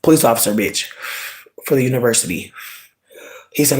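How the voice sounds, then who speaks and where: A young man tells a story to the camera in a vlog. He is heated and profane, and his voice swings widely in pitch as he acts out both sides of the argument. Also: animated, brisk, poor audio. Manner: heated, profane, quotes people in exaggerated voices. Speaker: vlogger. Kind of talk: animated storytime rant.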